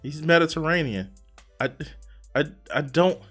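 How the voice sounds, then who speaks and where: Man, reaction host, exasperated, profane, stammering, slow delivery, faint music under him. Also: fairly high pitch, lively intonation, a bit bright. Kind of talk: reaction commentary.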